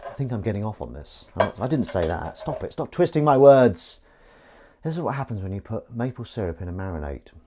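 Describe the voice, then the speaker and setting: Grumbling, sweary man, lively pitch. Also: fast, hardly any pauses, noisy background. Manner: grumbling, swears a lot, talks to viewers. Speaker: livestream host. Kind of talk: casual chat while washing up. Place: home kitchen sink.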